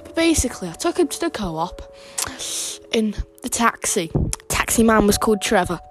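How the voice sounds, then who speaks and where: A woman's voice: medium pitch, very animated, normal speed, close to an everyday voice. A woman voicing a gossiping, crude old grandmother, telling rambling comic stories full of swearing. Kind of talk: comic storytelling monologue.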